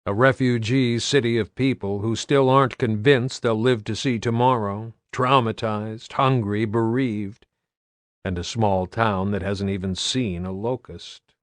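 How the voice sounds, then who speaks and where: A man reading an audiobook as narrator with an even, steady delivery. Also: on the low side, a little slow, dry recording. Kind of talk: scripted narration.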